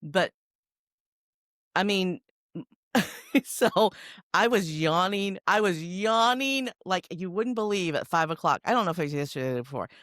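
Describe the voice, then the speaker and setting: Middle-aged woman, podcast host, low voice with a very lively pitch range, animated and emphatic storytelling. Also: moderate pace, long pauses, dry recording, studio quality. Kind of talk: casual conversation.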